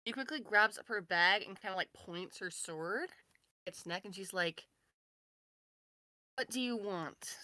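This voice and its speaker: A woman describes her character's moves in a tabletop game. She rambles and hedges with constant fillers. Her voice is bright, and the sound is dry. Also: medium pitch, normal speed, no echo. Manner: rambling, many "like" and "kinda". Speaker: player.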